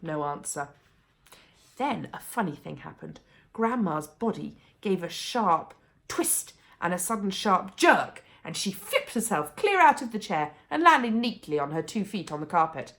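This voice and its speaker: A woman reads a children's book aloud as a bedtime story. Her voice sits on the low side, and her pitch swoops constantly as she tells it. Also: a little slow. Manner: expressive, animated storytelling.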